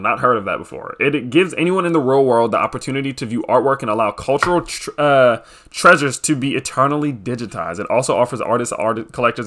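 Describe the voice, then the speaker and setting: A young man, casually reading a crypto white paper aloud on screen share and breaking in with quick excited reactions. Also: medium pitch. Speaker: crypto video host.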